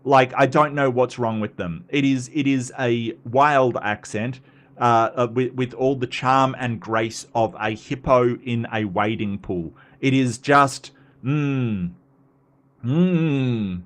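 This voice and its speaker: A man's voice: medium pitch, steady tone, measured pace, a bit bright. A man hosting a live talk stream, chatting casually and answering viewer comments with lots of fillers and restarts. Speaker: livestream host. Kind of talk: live commentary reading chat.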